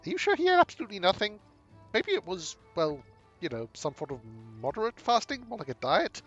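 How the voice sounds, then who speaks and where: A skeptical, chatty halfling woman , as a man voices her, firing off quick doubting questions. Her pitch is raised well above his own and she talks fast, with a bit of music underneath. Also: sing-song, a bit bright, highs cut off, exaggerated voice.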